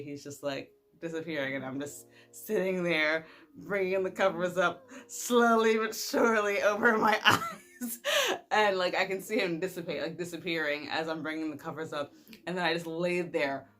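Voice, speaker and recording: A young woman vlogger telling a personal story in a casual, animated way, laughing often and using lots of fillers. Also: on the low side, moderate pace, soft background music.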